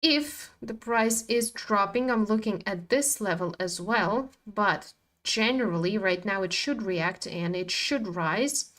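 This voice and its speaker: A woman's voice: mid-range voice, slow pace, a bit bright. A woman hosting a live trading stream, chatting casually and animatedly, swearing freely and talking back at her chart.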